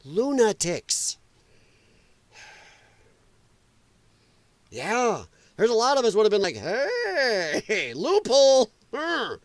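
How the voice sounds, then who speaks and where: A middle-aged man from Illinois hosting a live political stream, his voice sitting high and swinging widely up and down. He is profane and mocking and laughs a lot between jabs. The sound is dry and close, with no room around it. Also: slow, pauses often, no room sound. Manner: animated, drops into sarcastic mimicking voices.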